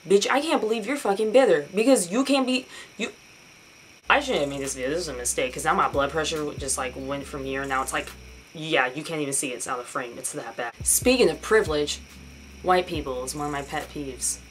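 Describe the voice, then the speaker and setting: Brief: young woman vlogger, lowish voice, sarcastic and profane, faint room hum behind. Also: a little fast, low-quality recording. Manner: sarcastic, profane and animated, mocking others in put-on voices. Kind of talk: casual ranting vlog.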